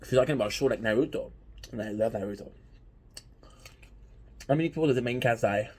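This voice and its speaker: A man talking casually and with energy, his voice a little husky and grainy. He keeps stressing his points and asking rhetorical questions as he speaks straight to his audience. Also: mid-range voice, quick pace. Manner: animated, emphatic, with repeated rhetorical questions. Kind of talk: casual anime talk to viewers.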